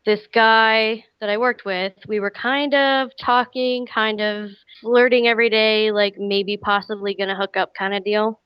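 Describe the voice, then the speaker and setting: A woman with a smooth, clear voice telling a story in relaxed podcast chat. The sound is dry and close, slightly muffled. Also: mid-range voice, unhurried, hardly any pauses, no echo. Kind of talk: casual comedy podcast chat. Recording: slightly dull podcast audio.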